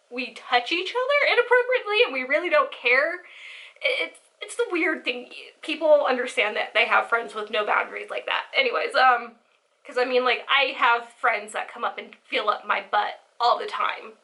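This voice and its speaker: Giggly chatty girl in her 20s, high bright voice, rambles on telling a story. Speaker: vlogger. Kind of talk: casual storytelling.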